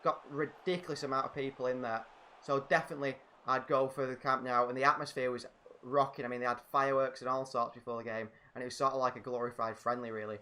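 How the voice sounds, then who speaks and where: A man's voice: medium pitch, flat delivery, fast, pushed and bright. A man co-hosting a casual fan Q&A, chatty as he reads out viewer questions while playing a game. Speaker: channel co-host. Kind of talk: casual Q&A chat while gaming.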